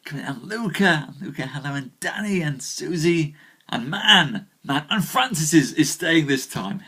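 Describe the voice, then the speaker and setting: A man's voice: fairly high pitch, lively intonation, normal speed, bright, forceful tone, husky. A man hosting a live storytelling stream, chatting casually with viewers, a little tired, and greeting them by name with self-deprecating humor. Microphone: webcam or desk mic on a live stream.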